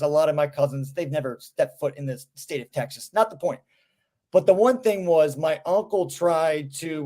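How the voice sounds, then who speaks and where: A man co-hosting a casual sports podcast, telling a rambling, animated story. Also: a little high. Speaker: podcast co-host.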